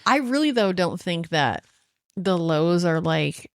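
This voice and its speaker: A woman with a very low voice co-hosts a casual podcast, chatting and asking probing questions. She sounds close to the mic in a dry space. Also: lively intonation, slow, no room sound. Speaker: podcast co-host, orthopedic PA. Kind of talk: casual chat.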